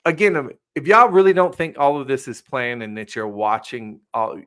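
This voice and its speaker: A man's voice: mid-range voice, normal speed, a bit bright, clear, resonant tone. A man co-hosting a casual political talk show, speaking emphatically and addressing viewers directly. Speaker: co-host.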